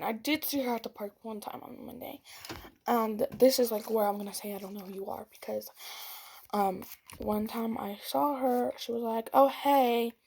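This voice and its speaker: In this storytime vlog, a young woman with a fairly high, a little mellow voice and vocal fry dramatically retells a fight. She whispers asides and acts out what people said in their voices, over a little hiss or hum.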